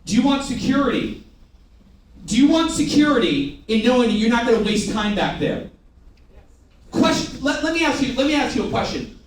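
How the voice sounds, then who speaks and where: A man's voice: very high-pitched, very animated, moderate pace, pauses often. A man leading a sales training session, commanding and drilling the audience with call and response. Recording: echoey room from a distance, faint ambience.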